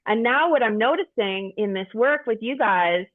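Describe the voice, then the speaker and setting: A woman's voice: a little high, lively intonation, moderate pace. Middle-aged woman, candid group sharing, swears freely, rambling restarts, thin phone-like audio. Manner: frank and profane, rambling with restarts. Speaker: group participant. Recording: tinny phone-like sound.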